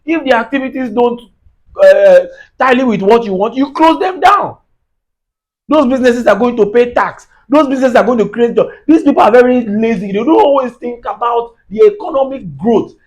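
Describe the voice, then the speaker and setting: A man's voice: very high-pitched, moderate pace, low-quality recording. A Nigerian man with a Nigerian accent, delivering a heated, preachy comedic rant and laughing at his own jabs.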